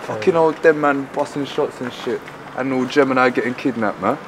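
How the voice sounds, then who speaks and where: A man's voice: medium pitch, fairly quick, noisy background, natural voice. An actor with a London accent playing a wary young street guy who keeps refusing. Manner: refusing, defensive.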